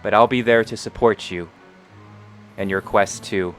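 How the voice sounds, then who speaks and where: A man voicing a humble, motherly spirit that speaks gently inside a character's mind. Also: fairly low pitch, fairly even intonation, a little slow, soft background music, natural voice. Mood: gentle. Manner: soft, hushed.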